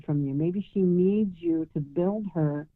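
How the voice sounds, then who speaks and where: A woman guest on a call-in radio show, giving gentle advice and calling the caller sweetheart. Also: lowish voice, a little slow. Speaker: psychic guest. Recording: tinny phone line.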